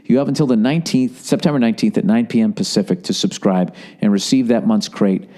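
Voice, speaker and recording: Podcast host, male, Boston accent, mellow, profane riffing delivery. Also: on the low side, fast talker. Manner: profane, sarcastic rant with mock voices. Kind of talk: casual comedic monologue and ad reads.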